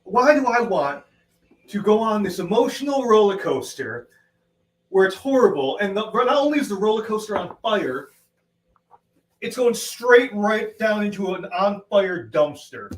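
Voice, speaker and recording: A man's voice: sits high, very animated, unhurried. A man co-hosting a livestream over a video call, ranting bluntly and with exasperation. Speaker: co-host. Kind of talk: casual livestream chat. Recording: echoey distant call audio, faint noise.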